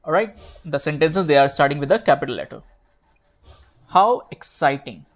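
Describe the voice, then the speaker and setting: A man teaching grammar at a slow pace, repeating himself and correcting his own slips while writing out examples. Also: fairly high pitch. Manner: slow, repetitive, fillers and self-corrections. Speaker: English teacher.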